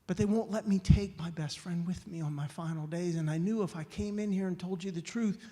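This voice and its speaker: A man voicing a humble, dying man in his eighties who speaks gently and haltingly in an echoey hall. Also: sits high, natural voice. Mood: sorrowful. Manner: gentle, halting, ending in a whisper.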